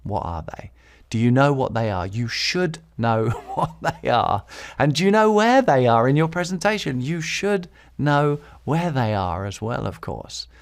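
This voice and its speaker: A man's voice: mid-range voice, lively intonation, measured pace. A man hosting a podcast and teaching public speaking, repeating key phrases for emphasis and chuckling between points. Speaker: podcast host.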